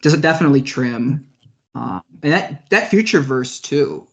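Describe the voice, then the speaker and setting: A man in casual podcast chat, hesitating and thinking aloud as he goes. His voice sits at a middle pitch. The audio is somewhat dull. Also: expressive, unhurried. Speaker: podcast co-host. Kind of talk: casual music discussion.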